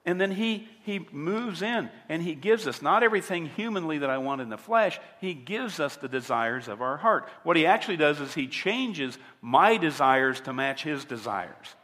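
A man's voice: on the high side, animated, moderate pace, few pauses, pushed and bright. Emphatic male pastor preaching in a hall. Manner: emphatic, asks the audience rhetorical questions. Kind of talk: sermon.

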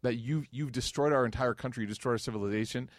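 A man's voice: fast, no room sound, studio quality. A young man giving a casual, storytelling religious lecture, acting out quotes in a lifted voice. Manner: conversational, storytelling, acts out quotes with rising pitch. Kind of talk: religious lecture to a live audience.

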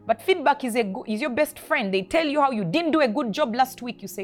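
A woman's voice: high-pitched, lively intonation, brisk, few pauses, faint music behind. A woman hosting a faith podcast, exhorting listeners with short, emphatic commands about attitude at work. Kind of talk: motivational faith talk.

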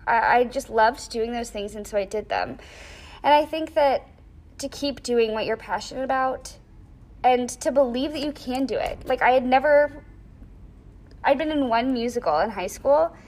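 A young woman in a casual interview, telling a personal story with lively acted-out quotes and lots of "like". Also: on the high side, normal speed. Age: young adult. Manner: animated storyteller, acts out quoted voices; frequent "like" fillers.

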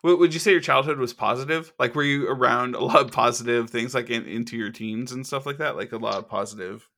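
A man in casual podcast chat, telling stories in an animated way and swearing freely. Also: mid-range voice, fast talker.

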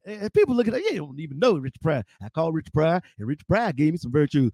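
A man with a gravelly, somewhat high voice tells comic stories with big swings in pitch. He sounds middle-aged and slips into playful impressions. The recording is close and dry. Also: big pitch swings, rapid-fire, a little mellow, dry recording. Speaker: stand-up comedian guest. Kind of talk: animated storytelling.

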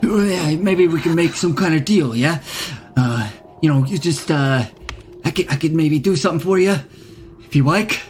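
A man's voice: fairly high pitch, normal speed, a little hiss or hum, close to an everyday voice. A man voicing a brash, streetwise male imp with a Queens accent, rambling and full of fillers. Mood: wheedling. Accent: New York Queens.

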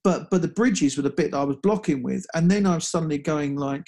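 A man telling a personal story in casual conversation, halting with frequent restarts and fillers. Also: a little high, gravelly, darkish tone. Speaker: guest speaker.

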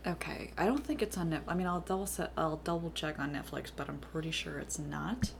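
A woman's voice: low-pitched, brisk, gravelly, slight background noise. A woman co-hosting a casual podcast, playful and jokey, swearing now and then. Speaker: podcast co-host. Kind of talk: casual chat.

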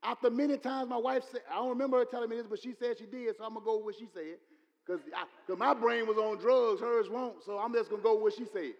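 A man preaching a sermon, repeating his points and building to loud exclamations. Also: very high voice, steady tone, fast talker, dull audio. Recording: long hall reverb.

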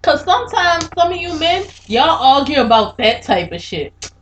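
A woman's voice: on the high side, expressive, moderate pace, fairly bright tone. A woman co-hosting a casual podcast chat, mocking and laughing as she tells stories. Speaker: podcast co-host. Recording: dull lo-fi sound with faint noise.

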